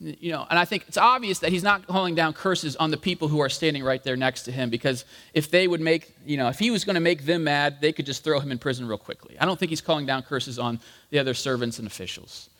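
Man preaching, casual and explanatory, somewhat high voice, long hall reverb. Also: quick pace, few pauses, bright, forceful tone. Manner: conversational, explanatory, with many fillers. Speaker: pastor. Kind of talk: sermon.

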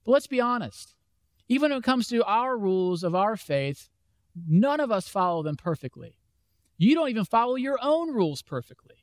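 High-voiced man preaching a sermon. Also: very animated, moderate pace, no echo. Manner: conversational, acts out imagined voices. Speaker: pastor.

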